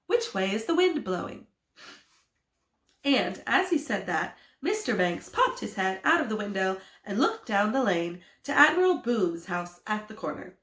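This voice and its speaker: A woman reading a storybook aloud to children as a theatre school storyteller, in an expressive, animated way. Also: mid-range voice, moderate pace, hardly any pauses. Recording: roomy echo.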